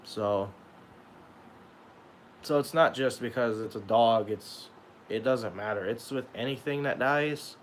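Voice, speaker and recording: A young man talking in an emotional vlog monologue, halting and repeating himself as he speaks of loss. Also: mid-range voice, slight background noise, rough recording. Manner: halting, repeats and restarts, sad. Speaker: YouTuber.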